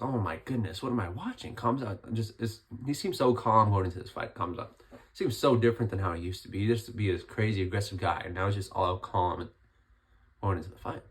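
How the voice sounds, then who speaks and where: Young guy, hoarse voice after being sick, lowish tone, chatty fight breakdown vlog. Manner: chatty, rambling, lots of restarts. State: hoarse, recovering from illness. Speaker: MMA commentary vlogger.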